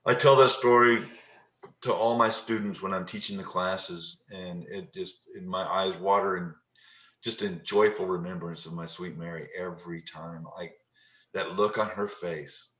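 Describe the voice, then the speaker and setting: A middle-aged man telling a moving story about his work in touch therapy, halting and repeating words, tender and moved. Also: low voice, fairly even intonation, a bit bright. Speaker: touch therapy practitioner and teacher. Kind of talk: emotional storytelling interview. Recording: dull, lo-fi and roomy.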